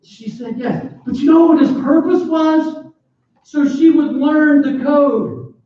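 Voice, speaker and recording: A man in his forties preaching a sermon, animated and joking, with sudden loud bursts. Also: extremely high pitch, slow pace. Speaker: pastor. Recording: echoey, distant, dull church PA recording.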